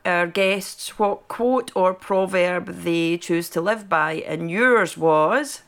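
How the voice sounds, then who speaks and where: A woman hosting a podcast interview, chatty and quick to laugh. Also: on the low side, a bit bright. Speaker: podcast host.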